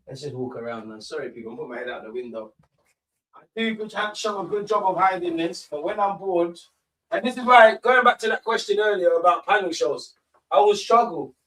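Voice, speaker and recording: A man's voice: high voice, animated, brisk, a bit bright, no echo. Slangy young man. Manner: chatty, slangy, openly bored. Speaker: football watchalong streamer. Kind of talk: casual live match commentary.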